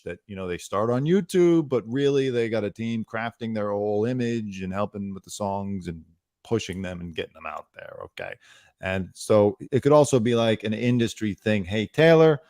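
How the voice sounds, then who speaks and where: A man delivers a comedic news monologue, rambling and sarcastic, often stopping to correct himself. His voice sits a little low. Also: darkish tone, no room sound, studio quality. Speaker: comedy news show host.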